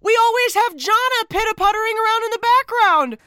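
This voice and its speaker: Animated high-voiced woman co-host. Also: fairly quick. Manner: animated, exclamatory. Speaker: podcast co-host. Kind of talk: casual film discussion.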